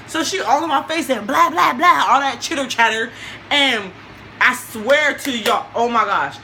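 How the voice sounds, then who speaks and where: Animated young woman telling a story. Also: sits high, normal speed, slight background noise, low-quality recording. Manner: animated, slangy, laughing storyteller. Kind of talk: casual storytelling vlog.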